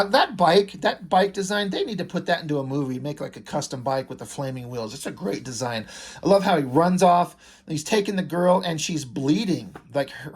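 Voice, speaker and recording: A man's voice: fairly high pitch, slightly rough. A man casually reviewing a comic book, reading the dialogue aloud and swearing with enthusiasm. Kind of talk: casual comic read-through commentary.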